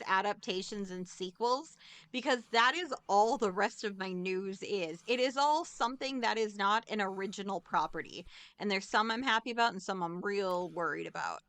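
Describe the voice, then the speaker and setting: Bright, joking podcast co-host woman. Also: a little high. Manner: joking, rambling, profane. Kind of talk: casual podcast chat.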